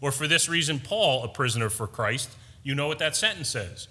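A man preaching a sermon as pastor, emphatic and animated, with playful asides to the congregation. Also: mid-range voice, fairly quick, big-room sound.

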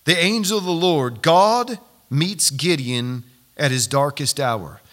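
A man preaching a sermon as pastor, animated and building to loud, emphatic peaks. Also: a little high, slow pace. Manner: repeats himself when excited.

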